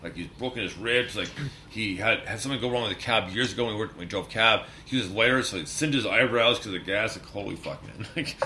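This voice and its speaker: Man guest, bright voice, animated storyteller, swearing, faint background noise. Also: on the low side, fast talker. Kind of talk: casual podcast chat.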